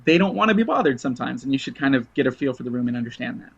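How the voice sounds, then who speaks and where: A man's voice: medium pitch, racing, gravelly, breathy edge. Rambling, laughing man on a dull line. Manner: rambling storyteller, laughs often, lively retold quotes. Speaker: podcast guest. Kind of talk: casual chat.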